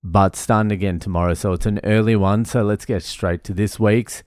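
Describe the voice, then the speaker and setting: A man's voice: lowish voice, steady tone, normal speed, few pauses, darkish tone, no echo, clean studio sound. An Australian man, a comedian hosting his own podcast, telling stories in a loose, swearing, casual way. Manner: loose, swearing, laughing storyteller. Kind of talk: casual storytelling monologue.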